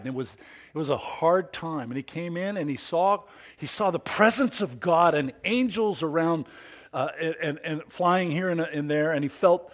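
A middle-aged man preaches as pastor in an easygoing, self-deprecating way, his voice sitting a little higher than most men's. He restarts sentences often and drops to near-mumbled asides before rising loud for emphasis. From Southern California. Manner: folksy and self-deprecating, with frequent restarts and big swings in loudness. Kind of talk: sermon.

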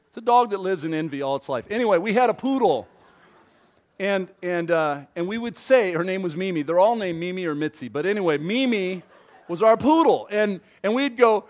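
A man preaching a sermon, animated and interactive, quizzing the congregation and acting out little scenes. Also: sits high, fairly quick. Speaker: pastor.

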